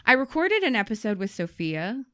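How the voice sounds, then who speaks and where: Animated woman telling a workplace story. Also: mid-range voice, normal speed, no echo, clean studio sound. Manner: animated storyteller, swears freely, acts out quoted people. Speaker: podcast host. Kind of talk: casual podcast chat.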